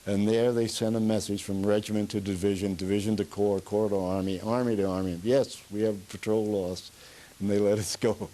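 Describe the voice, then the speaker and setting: A man's voice: on the low side, level tone, brisk, hardly any pauses, mellow, rough recording. Older man telling war stories. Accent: Pennsylvania Dutch. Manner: rambling, chuckling storyteller. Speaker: veteran being interviewed. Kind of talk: oral history interview.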